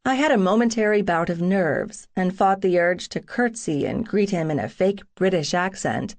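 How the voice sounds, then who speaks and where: A woman narrating a first-person romance audiobook in an intimate, wry, unhurried reading. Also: medium pitch, expressive, darkish tone.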